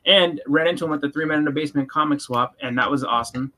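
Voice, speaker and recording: A man's voice: fairly high pitch, fast, background noise. A man chatting casually on a comics stream, rambling with lots of fillers and restarts. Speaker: co-host.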